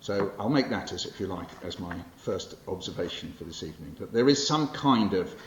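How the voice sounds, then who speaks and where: Low-voiced older man lecturing in a roomy hall. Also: expressive, brisk. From England. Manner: conversational and wry, with frequent fillers and self-corrections. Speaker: poet giving a public lecture. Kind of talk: lecture with poetry readings. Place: library lecture hall with an audience. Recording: roomy, muffled hall recording with faint hiss.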